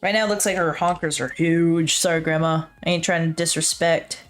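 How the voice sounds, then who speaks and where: A digital artist streams her work, thinking aloud as she draws and joking to herself into her own desk mic, which has a pop filter. Her voice is fairly low and fairly quick, with fairly even intonation, chatty and self-deprecating, over soft background music.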